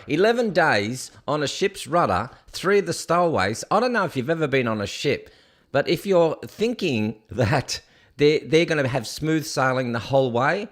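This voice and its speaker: A man hosts a casual news show in a sarcastic, scoffing tone as he rants about each headline. His voice sits a little high. It swings up and down a lot as he reacts. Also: fairly bright tone. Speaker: show host. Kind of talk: casual news commentary rant.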